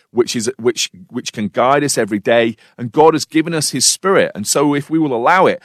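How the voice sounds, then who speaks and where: A man's voice: medium pitch, a bit bright, no room sound. A British man delivers a sermon in a mid-range voice, weaving a personal anecdote with dry humour into reflective questions for his listeners. The sound is close and dry. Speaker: preacher.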